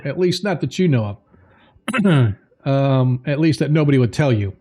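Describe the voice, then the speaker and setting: A man narrating a tabletop game as game master, slow and halting with many fillers. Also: medium pitch, lively intonation, dark tone.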